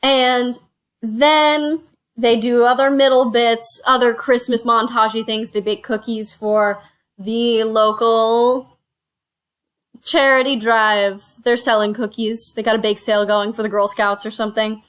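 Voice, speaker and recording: Chatty woman retelling a plot, bright and higher. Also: a little slow, clean tone. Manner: animated storytelling, slipping into quoted voices. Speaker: reviewer and show host. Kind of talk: casual chat, retelling a movie plot. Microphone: phone used as camera.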